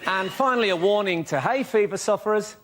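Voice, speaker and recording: A man's voice: sits high, fairly quick. A male comedy panellist telling jokes in a mock-serious manner. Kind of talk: quick one-liner jokes. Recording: noisy, loud audience laughter.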